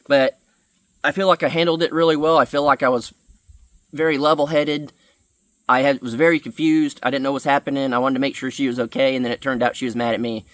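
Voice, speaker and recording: A man's voice: mid-range voice, steady tone, normal speed, long pauses, a bit bright, no room sound. A young man telling a story in an earnest, rambling way, with many fillers, on his vlog. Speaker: vlogger.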